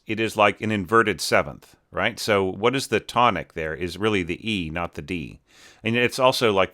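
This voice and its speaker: Low-voiced man reviewing scores with many fillers. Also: pushed and bright. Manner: thinking aloud with many fillers and restarts. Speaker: orchestration teacher. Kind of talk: casual spoken score review.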